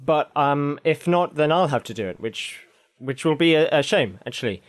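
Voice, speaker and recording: A man co-hosting a casual podcast, joking in a dry, deadpan way. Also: fairly high pitch, normal speed. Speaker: podcast co-host. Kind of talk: casual chat.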